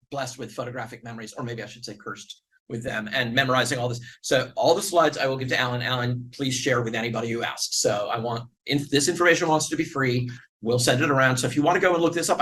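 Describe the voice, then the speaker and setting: A man's voice: mid-range voice, pushed and bright, rough recording. A middle-aged man from the northern United States giving a lecture with slides, earnest and wry, building his argument step by step. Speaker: guest lecturer.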